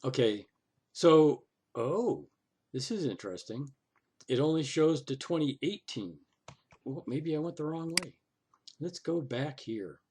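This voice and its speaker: There's a little hiss or hum as a man with a slightly mellow, high-leaning voice and lively intonation narrates a screen-recorded walkthrough unhurriedly. Thinking aloud, with lots of "oh" and "okay," he airs sarcastic, exasperated complaints to the city council.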